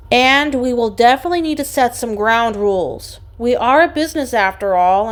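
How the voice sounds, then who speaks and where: A woman's voice: a little high, close to an everyday voice. Irritated young woman in charge, curt; woman reader plays her. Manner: curt, annoyed.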